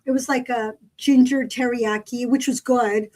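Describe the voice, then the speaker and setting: A woman, co-hosting a podcast in casual chat and telling a story with lively quoted dialogue. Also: a little high, moderate pace, rough recording. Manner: chatty storyteller, acts out quoted people. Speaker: podcast co-host.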